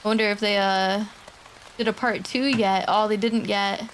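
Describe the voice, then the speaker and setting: A woman's voice: medium pitch, fairly even intonation, normal speed, slight background noise, low-quality recording. A woman streamer reading horror stories aloud to her live chat, with casual chatty asides in between.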